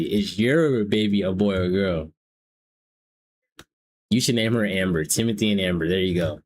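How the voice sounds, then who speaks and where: His voice fairly low and a little mellow, a young man from the American South hosts a live stream, teasing strangers through casual chat laced with profanity.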